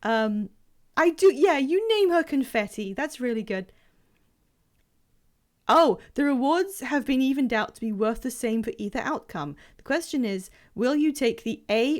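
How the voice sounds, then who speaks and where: A woman's voice: a little high, lively intonation, moderate pace, darkish tone. Chatty, playful woman streamer. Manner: chatty and playful, rambling with fillers and frequent laughs. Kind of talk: casual live-stream chat while gaming.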